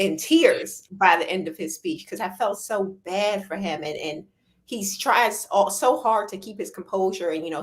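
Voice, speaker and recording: A woman speaks as a guest in a casual recap chat. She talks with open feeling in quick, eager bursts, at a middle pitch for a woman. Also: fairly bright tone. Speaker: guest panelist.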